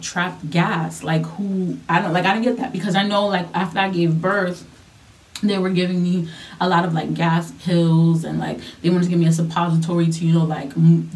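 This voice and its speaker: A woman's voice: on the low side, darkish tone, recorded from a distance. A young woman vlogger telling a personal story in a casual, chatty way, repeating herself and using lots of fillers.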